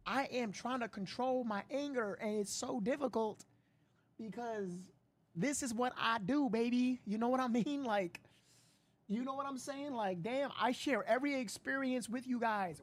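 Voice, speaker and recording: Frustrated woman streamer ranting. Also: on the high side. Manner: frustrated, loud, swearing, rambling. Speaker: livestream host reacting to a live stream. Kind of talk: casual livestream chat.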